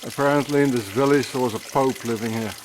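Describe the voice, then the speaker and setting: A man excitedly pointing things out as he walks, talking in a rambling, conspiratorial way outdoors. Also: mid-range voice, fast, a little hiss or hum, low-quality recording. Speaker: vlogger. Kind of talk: rambling walking commentary.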